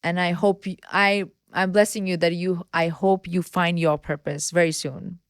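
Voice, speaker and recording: A woman's voice: lowish voice, clear, resonant tone, no echo, clean studio sound. A woman raised in India in her thirties, talking candidly and expressively as a podcast guest. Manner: heartfelt, expressive, quick to laugh. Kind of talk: candid interview talk.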